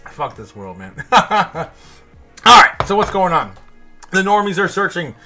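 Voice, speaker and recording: Male show host, bright tense voice, a bit high, casual swearing rant, faint music behind. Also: animated, a little slow. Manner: frustrated, swearing, rambling.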